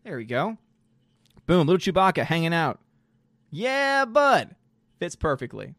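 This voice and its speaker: A man casually live-streaming, reading chat aloud and reacting in an animated way, throwing in lots of "dude" and "man.". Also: on the high side, a little slow, no echo, studio quality. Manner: animated, exclaiming, says "dude" and "man" a lot.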